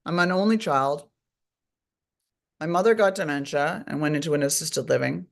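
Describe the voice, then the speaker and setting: A woman's voice: low voice, normal speed, gravelly. A middle-aged woman, a guest author, telling her story candidly and bluntly, with frequent swearing. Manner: blunt and profane, speaks openly. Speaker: guest author and recovery advocate.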